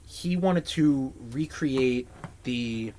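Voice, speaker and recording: A man co-hosting a casual podcast, rambling and animated, swearing freely as he chats. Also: mid-range voice, extremely slow, slight background noise. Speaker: podcast co-host. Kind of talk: casual chat.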